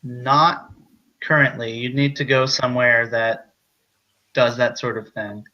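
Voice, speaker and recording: A man running a tabletop game as game master, unhurried with many fillers. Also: medium pitch, flat delivery, lo-fi sound.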